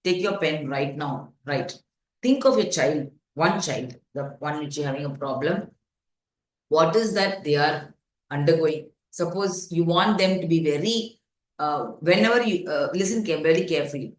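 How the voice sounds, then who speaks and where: A woman's voice: low-pitched, moderate pace, a little hiss or hum. A woman leads a parenting workshop, speaking in an earnest, instructive way. She restarts sentences and leans on fillers. She keeps checking in with her audience. Her voice bounces around a reverberant room. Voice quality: frequent fillers and self-corrections, rhetorical check-ins. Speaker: parenting coach. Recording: echoey room.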